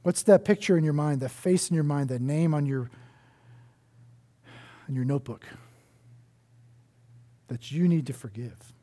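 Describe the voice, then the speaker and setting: A male pastor preaching a sermon in an earnest way, often dropping to a soft hush to stress a point. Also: fairly high pitch, unhurried, pauses often.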